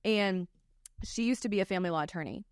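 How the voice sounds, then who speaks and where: A woman tells personal stories on a podcast in a loose, animated way, dotted with "like" and "um". Her voice sits at an ordinary middle pitch. The recording is close and dry, with no room sound. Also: fast, clean tone, dry recording. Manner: animated, frequent "like" and "um" fillers. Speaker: family law attorney, co-host. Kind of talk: casual podcast storytelling.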